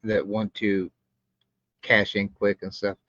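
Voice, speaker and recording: Host: calm, reflective man, um-heavy, muffled dry recording. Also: lowish voice, no echo. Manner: measured, reflective, hesitant with ums. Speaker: podcast host. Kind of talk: casual podcast chat.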